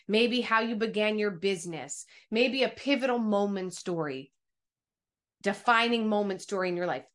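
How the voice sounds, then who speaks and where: A woman speaking coach teaching an online workshop over a video call, energetic and encouraging, speaking straight to her listeners. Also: medium pitch.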